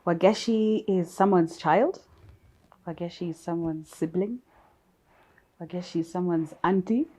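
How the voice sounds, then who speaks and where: A woman in her fifties from Kenya, a podcast guest telling stories in a lively, laughing way. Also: lowish voice, measured pace, pauses often. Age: 50s. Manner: lively, laughs often, storytelling. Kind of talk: casual chat.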